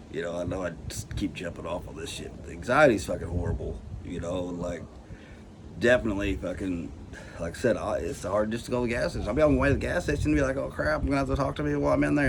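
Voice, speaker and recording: A man ranting casually to his camera about anxiety, swearing a lot and filling with "like" and "you know.". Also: fairly low pitch. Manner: profane, rambling, says "like" and "you know" constantly. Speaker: vlogger. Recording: noisy background hiss.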